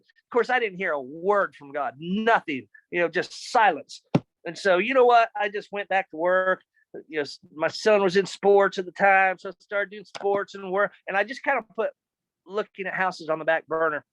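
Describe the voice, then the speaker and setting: A man telling a personal story in an animated, excitable way, often repeating words and calling people "man". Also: high-pitched, brisk, dry recording, lo-fi sound. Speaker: storyteller giving a personal testimony.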